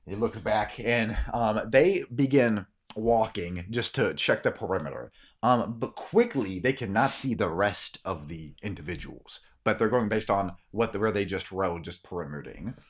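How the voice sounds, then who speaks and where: A man's voice: on the low side, lively intonation, measured pace. A man narrating as game master in a tabletop role-playing game, telling the scene loosely with many ums and sniffs.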